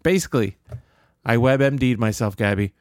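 A man's voice: mid-range voice, lively intonation, moderate pace, darkish tone, no echo, studio quality. A man co-hosting a podcast, teasing and sarcastic in casual banter. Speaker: podcast co-host.

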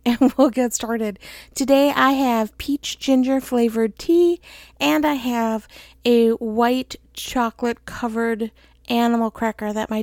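A woman's voice: a little high, gravelly, darkish tone, dry recording. A middle-aged woman hosting her own podcast, chatting casually and laughing often into a close mic. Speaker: podcast host. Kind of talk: casual solo podcast chat.

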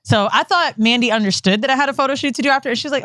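Animated woman podcast co-host. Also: on the high side, rapid-fire, no room sound. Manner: animated storyteller, swears, acts out quotes. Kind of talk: casual podcast storytelling.

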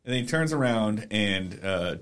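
A man's voice: on the low side, animated, normal speed, smooth. A man co-hosting a casual podcast, wryly retelling scenes from a TV episode. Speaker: podcast co-host. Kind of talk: casual chat recapping a TV episode.

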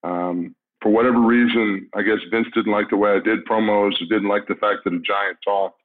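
A man's voice: on the low side, fairly even intonation, moderate pace. Blunt middle-aged man on a tinny line. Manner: blunt, laid-back, swears often. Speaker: guest, former wrestler. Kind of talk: casual interview chat.

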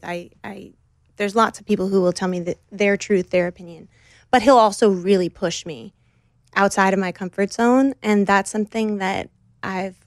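An earnest young woman talks reflectively as an interview guest, her sentences padded with soft fillers. Her voice sits at a middle pitch and is recorded dry and close, with no room sound around it. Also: no echo. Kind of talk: conversational interview.

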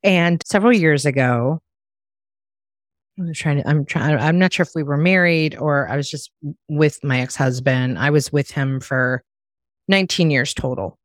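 With a low-pitched voice at normal speed, a middle-aged podcast host chats casually and animatedly, performing the quoted voices of the people she describes. The studio-quality recording carries no room sound.

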